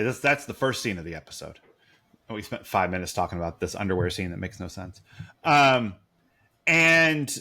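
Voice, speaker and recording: A man's voice: on the low side, sharp tone. A man co-hosting a podcast, recapping a TV episode in rambling, sarcastic, profane casual chat. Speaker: podcast co-host.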